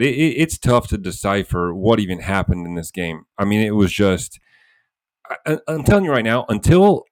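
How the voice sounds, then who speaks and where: A man's voice: fairly low pitch, dry recording. A man co-hosting a sports podcast, speaking in an emphatic, hyperbolic rant. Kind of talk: casual sports chat.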